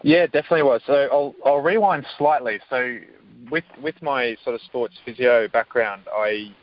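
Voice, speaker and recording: A man's voice: medium pitch, normal speed, dull audio. A man, a guest telling a personal story in a casual way, with many fillers.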